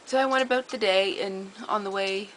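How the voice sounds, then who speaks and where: A woman telling a personal story in a casual, earnest way, detailed and steady, with small repeated restarts. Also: medium pitch, moderate pace, a little hiss or hum, low-quality recording. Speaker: storyteller sharing a personal memory.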